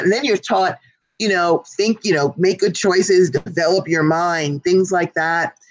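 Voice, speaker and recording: A woman co-hosts a casual live talk show, speaking earnestly and persuasively straight to her viewers. Her voice sits fairly low for a woman, and the sound is dry and close. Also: fairly even intonation, normal speed, dry recording, poor audio. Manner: earnest, persuasive, addresses the audience directly. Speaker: co-host. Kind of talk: casual chat.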